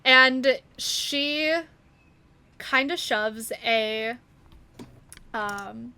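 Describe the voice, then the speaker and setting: A woman narrating a tabletop game as game master, laughing as she goes and pausing often. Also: a little high, sharp tone, clean tone, no room sound.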